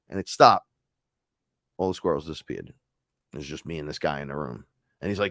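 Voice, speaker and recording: A man's voice: lowish voice, fast, no room sound, studio quality. A man hosting a casual spiritual talk, telling stories in a rambling, profane way. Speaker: host.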